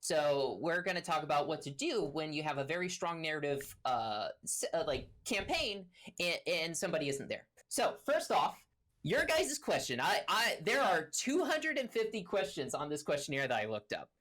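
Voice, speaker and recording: Lively woman game master, lower voice. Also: normal speed. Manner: rambling, with many fillers and restarts. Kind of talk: casual stream talk.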